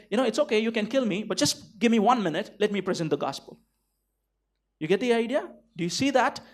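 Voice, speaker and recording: Man, pastor giving a sermon, fairly high voice, emphatic, rhetorical questions, lots of "you know". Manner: peppers speech with "you know" and "right?".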